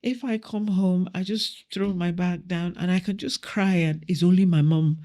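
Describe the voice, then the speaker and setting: A woman's voice: fairly low pitch, steady tone, moderate pace, dark tone. Earnest woman telling family stories. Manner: earnest, reflective, acts out family dialogue. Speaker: guest, local councillor. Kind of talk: personal storytelling in conversation.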